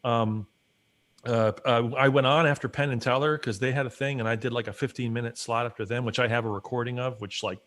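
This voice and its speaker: Animated man telling stories, acting out quotes. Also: medium pitch, fast talker. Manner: animated storyteller who acts out his own quotes. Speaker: guest and regular collaborator. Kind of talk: casual livestream chat.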